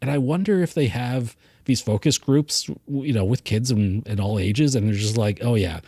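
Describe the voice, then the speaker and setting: A man chatting through a casual film review on a podcast, speaking at a middle pitch. He is easygoing and self-deprecating, and laughs often. The recording is close and dry, with no room sound. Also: normal speed, a little mellow, no echo. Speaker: podcast co-host.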